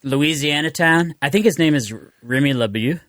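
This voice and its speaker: A man's voice: fairly high pitch, normal speed, a bit bright, dry recording, studio quality. A man co-hosting a podcast, chatting loosely and laughing often. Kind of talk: casual podcast chat.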